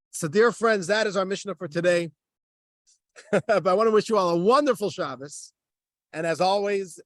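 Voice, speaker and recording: A man's voice: sits high, a bit bright, no room sound. A man, a rabbi, teaching a class and telling a story, acting out the characters' dialogue with animation.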